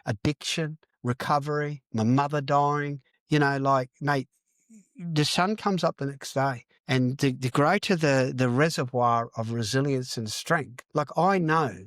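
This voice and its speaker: A man's voice: mid-range voice, measured pace, a bit bright, no echo, studio quality. Man telling a sweary story. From Australia. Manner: rambling, swears freely, peppers speech with "mate". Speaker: podcast guest, counsellor. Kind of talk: casual storytelling interview.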